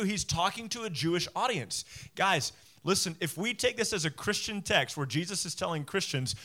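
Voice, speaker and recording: A man with a high, bright voice preaches a sermon to his congregation. He is emphatic, doubles up his words and slips into little acted voices for the people he quotes. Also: expressive, normal speed. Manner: emphatic, repeats phrases, acts out quoted voices. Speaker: pastor.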